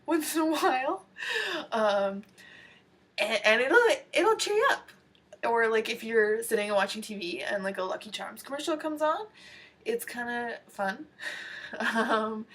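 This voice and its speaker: A woman's voice: medium pitch, fairly bright tone, distant mic. A young woman from Alberta, chatting to the camera at home in a rambling, self-deprecating way with many fillers. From Canada (Alberta). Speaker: vlogger. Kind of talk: casual chat to camera. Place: at home in front of a sofa.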